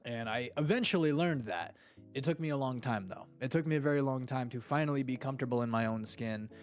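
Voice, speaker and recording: A man hosting a casual podcast and reading live chat, talking in a slangy, animated way. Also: mid-range voice, fast talker, soft background music. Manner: slangy and animated, fond of "dude" and "freaking".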